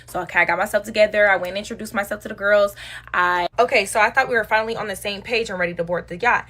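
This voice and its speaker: A young woman chatting through a storytime, animated and slangy, with asides to her viewers. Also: medium pitch, very fast. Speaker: storytime vlogger. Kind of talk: casual storytime monologue.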